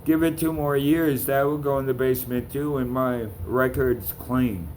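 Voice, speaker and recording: A man's voice: medium pitch, steady tone, moderate pace, a little mellow, slight background noise. A man ranting to camera in a vlog, calling out people by name, with blunt, profane talk. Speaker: vlogger.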